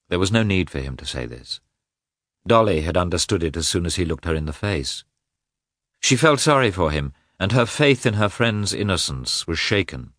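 A man narrating a classic novel as an audiobook in an expressive, measured way. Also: low voice, no echo, studio quality.

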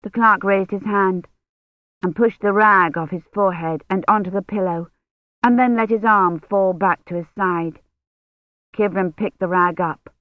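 An audiobook narrator reading a novel in an even, measured way. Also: medium pitch, dry recording. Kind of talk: scripted narration. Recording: dull dry lo-fi audio.

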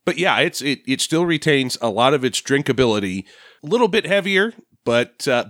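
A man co-hosting a beer podcast, giving a measured, wry review. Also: mid-range voice, a bit bright, dry recording, studio quality. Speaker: podcast co-host.

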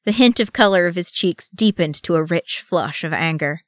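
A woman reading fan fiction aloud as an audiobook, with a steady read that voices each character. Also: lowish voice, normal speed, hardly any pauses, no room sound, studio quality. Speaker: audiobook reader.

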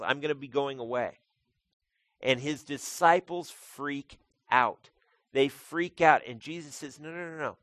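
A man's voice: mid-range voice, a bit bright, no echo. A man preaching a sermon as pastor, talking conversationally and calling his listeners folks.

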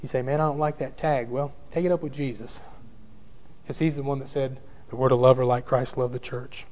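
A man's voice: mid-range voice, steady tone, a little fast, slight background noise. A pastor preaching a sermon who repeats key phrases for emphasis and addresses his listeners directly. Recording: dull church recording with long reverb.

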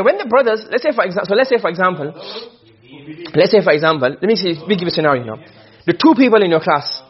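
A man's voice: high voice, breathy edge, lo-fi sound. A man teaching a class in a lecture style, firing questions at the students and repeating himself as he explains. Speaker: Arabic rhetoric teacher.

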